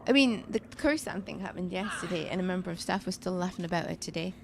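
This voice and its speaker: A woman's voice: on the low side, expressive, fast talker, gravelly, background noise. A woman streaming a survival game, telling shop stories in chatty casual talk full of fillers and restarts. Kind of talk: casual chat while gaming. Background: game music.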